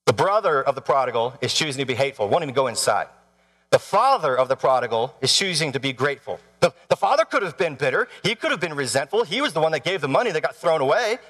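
A man's voice: a little high, big pitch swings, fast, a bit bright. A man in his thirties preaching a sermon, telling a story with animation and asking the congregation questions. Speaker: pastor. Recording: long hall reverb.

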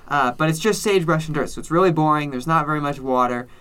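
A man's voice: fairly high pitch, fast, a bit bright, smooth. A man co-hosting a casual chat, explaining things with wry asides and jokes. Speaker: podcast co-host. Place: based in Salt Lake City.

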